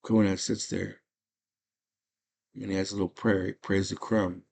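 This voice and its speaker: Man host, casual slangy movie recap, low voice, eager. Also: level tone, normal speed, gravelly, pauses often, a little mellow. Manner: slangy, enthusiastic storytelling.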